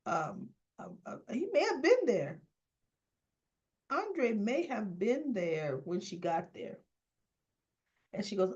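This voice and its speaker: A woman recaps a soap opera episode in a loose, rambling way. She corrects herself often and fills gaps with ums and uhs. She talks slowly, and the recording sounds dull and lo-fi. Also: medium pitch, very animated, darkish tone. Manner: rambling, self-correcting, many fillers. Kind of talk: casual spoken episode recap.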